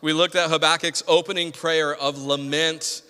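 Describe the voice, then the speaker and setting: An American man serving as pastor delivers a sermon in a bright, fairly high voice. He slips into casual, self-deprecating asides with the congregation. His voice rings out with a long reverb in a church sanctuary. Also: lively intonation, measured pace.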